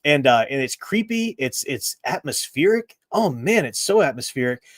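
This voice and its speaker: A man's voice: mid-range voice, sing-song, moderate pace, no room sound. A man hosting a casual review show, talking enthusiastically and rambling with frequent restarts. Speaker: host reviewing games.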